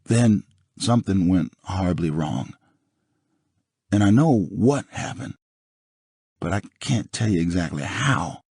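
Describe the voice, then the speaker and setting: A man narrating an audiobook in the first person with a dramatic, expressive reading. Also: deep voice, unhurried, long pauses, husky, dry recording, studio quality.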